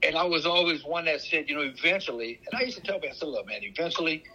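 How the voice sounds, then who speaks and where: Bright, husky Louisiana man telling stories. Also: a little high, lo-fi sound. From Louisiana, USA. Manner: animated, folksy storyteller with drawn-out emphasis. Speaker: podcast co-host. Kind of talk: casual chat, storytelling.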